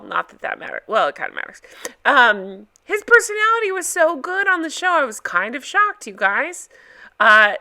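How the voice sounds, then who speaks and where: A woman chatting casually to her viewers as she recaps a reality show, talking in an animated way and jumping from one topic to the next. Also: fairly high pitch. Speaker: recap vlogger.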